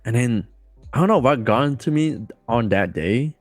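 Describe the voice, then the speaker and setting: A man as a podcast guest telling a story casually, rambling and excited, with many fillers and restarts. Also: medium pitch, normal speed, no room sound, faint music behind.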